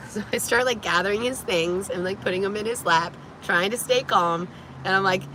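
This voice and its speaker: A woman vlogger telling a personal story to camera in a casual, animated way, frank and profane, with many "like"s, from inside a vehicle. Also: mid-range voice, normal speed, slight background noise.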